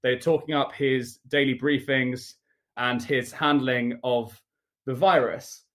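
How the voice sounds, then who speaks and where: A man hosting a podcast, introducing a guest and asking long, measured questions. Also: medium pitch, fairly even intonation, fairly bright tone. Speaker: podcast host. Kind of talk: podcast interview.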